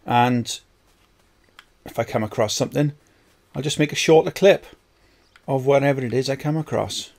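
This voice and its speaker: Male gamer, casual commentary, creaky voice, frustrated and foul-mouthed. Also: mid-range voice, normal speed, pauses often, a little mellow. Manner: frustrated, swears constantly at the game. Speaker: gaming video creator. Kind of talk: let's play commentary.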